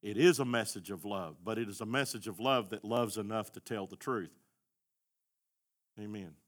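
A middle-aged man, preaching a sermon as pastor, rising to shouts at the high points. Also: moderate pace. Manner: impassioned, shouting at peaks.

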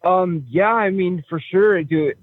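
A man's voice: sits high, unhurried. A man on a phone call, talking hesitantly with many stammers and restarts. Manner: hesitant, stammering, laughs nervously. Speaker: caller. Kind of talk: phone interview. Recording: tinny phone line.

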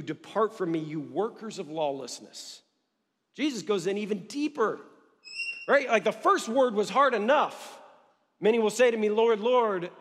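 Young male pastor, high voice, earnest preaching that sinks to a hush on key words, reverberant church hall. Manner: earnest, building intensity, drops to near whisper for emphasis. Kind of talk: sermon. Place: church sanctuary stage.

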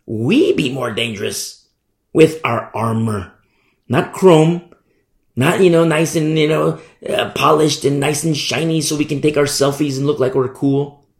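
A man preaching a sermon with fervent emphasis, swinging between loud declarations and hushed asides. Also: fairly high pitch, unhurried. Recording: echoey room.

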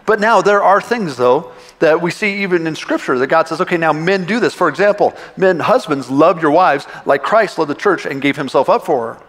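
An impassioned man preaching in a church, his voice pitched a little high for a man. He drives each point home with repetitions and restarts. A long reverb from the big sanctuary trails after his words. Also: animated, normal speed, few pauses, fairly bright tone. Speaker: pastor. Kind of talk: sermon. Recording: long reverb of a large hall.

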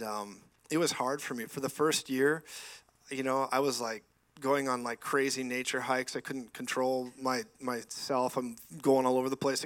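Guy in his 40s preaching at church, excited, keeps laughing and saying praise god, mid-pitched voice. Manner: enthusiastic, laughing asides, frequent praise interjections. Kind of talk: lively sermon with stories. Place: church sanctuary.

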